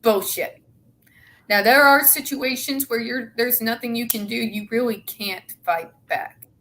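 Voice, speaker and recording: A woman's voice: on the high side, measured pace, sharp tone. A young woman in casual, opinionated chat, blunt and sarcastic with a lot of swearing. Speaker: show co-host.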